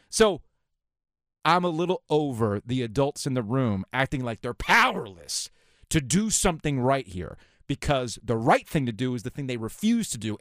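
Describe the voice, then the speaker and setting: A man's voice: mid-range voice, no room sound, clean studio sound. A man hosting sports talk radio, ranting sarcastically. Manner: sarcastic, ranting, mocking voices of officials.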